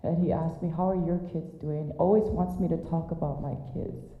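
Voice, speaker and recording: A low-voiced middle-aged woman gives a candid eulogy for her father, telling stories with wry self-deprecating asides. Her voice rings in an echoey hall. It comes through thin and tinny, like a phone line. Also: steady tone, normal speed. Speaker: daughter giving a eulogy. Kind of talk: personal memorial speech.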